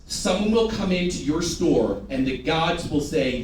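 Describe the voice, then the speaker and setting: At medium pitch and a little slow, a man gives an animated sales training to a live audience of staff, joking around and leading call-and-response drills. The large room echoes, the mic is far from him, and there's a slight hiss or hum.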